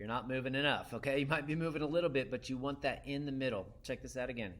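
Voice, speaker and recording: A man's voice: medium pitch, fast, loud music behind the voice. A man teaching a saxophone lesson to beginners. He counts his students in and calls out whose turn it is. He sings short syllables to demonstrate each exercise. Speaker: music teacher.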